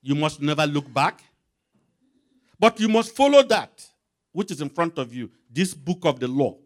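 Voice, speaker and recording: A man's voice: a little high, animated, moderate pace. A man preaching a sermon with emphatic, rising and falling delivery, calling out scripture references for a reader to read aloud.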